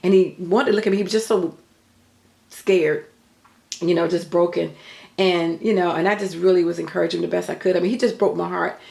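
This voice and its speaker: A woman's voice: on the low side, fairly even intonation, a little fast, vocal fry, mellow, echoey room. An older woman telling a story in an earnest, chatty way, full of faith talk. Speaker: vlogger. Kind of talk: casual storytelling.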